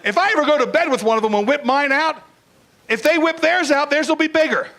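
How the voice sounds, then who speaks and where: A man's voice: extremely high pitch, a little fast, pushed and bright, rough recording. An older man doing a crude, blunt stand-up comedy routine, acting out bits in put-on voices.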